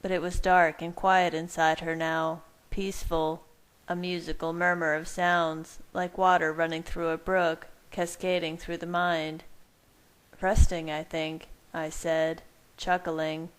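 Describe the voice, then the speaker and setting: A woman calmly narrating a fan-fiction romance story in a soft, measured way. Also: fairly low pitch, clean tone, rough recording. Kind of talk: audiobook-style story narration.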